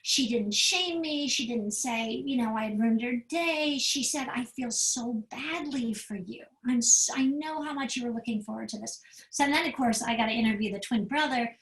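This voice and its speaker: Animated middle-aged woman speaker in an echoey room. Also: on the high side, moderate pace. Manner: animated storyteller who acts out quotes. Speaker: psychiatrist giving a parenting talk. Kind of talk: storytelling lecture. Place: event room.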